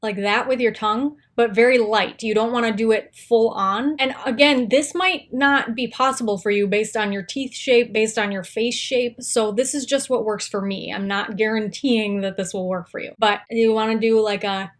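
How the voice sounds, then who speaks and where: A woman's voice: a little high, fairly even intonation, moderate pace, few pauses. A young woman casually explaining singing technique in a chatty tutorial, with lots of fillers.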